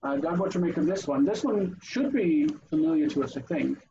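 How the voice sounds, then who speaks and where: Man, online teacher, gravelly mellow voice, lively intonation, slightly dull call audio. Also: on the high side, a little fast, background noise. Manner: animated, asks students in turn, thinks aloud. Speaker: teacher leading an online class. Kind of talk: interactive online language lesson.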